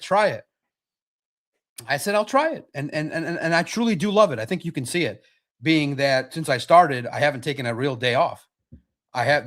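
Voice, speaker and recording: A man hosting a sports podcast live stream, chatting casually in an animated, repetitive way with frequent restarts. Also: fairly high pitch.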